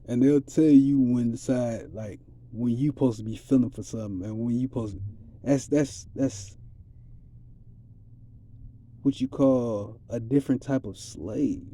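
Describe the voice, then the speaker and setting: A man's voice: medium pitch, measured pace, long pauses, dark tone. A man giving a rambling, streetwise spiritual monologue in a casual, preachy way. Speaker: vlogger.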